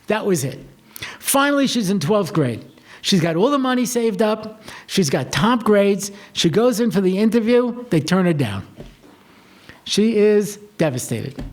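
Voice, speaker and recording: A man with a rather high voice gives a talk as a rabbi. He tells stories in a lively, conversational way and acts out the lines of the people in them. His talk is loose and peppered with "you know". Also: a little slow. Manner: chatty, animated, acts out dialogue, frequent "you know". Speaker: rabbi and lecturer. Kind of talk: storytelling talk to students.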